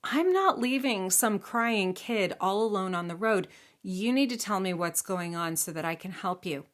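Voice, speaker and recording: Good-hearted storybook knight, calm and insistent, as a woman puts him on. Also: medium pitch, normal speed, lightly acted. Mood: firm. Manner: steady, reassuring, insistent. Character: brave, kind young knight, calm and firm.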